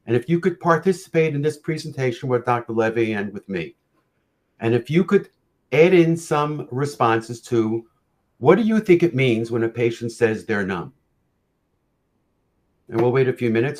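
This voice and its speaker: Man giving a measured presentation. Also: medium pitch. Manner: measured, storytelling, occasional fillers and restarts. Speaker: orofacial pain practitioner presenting. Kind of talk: presentation lecture.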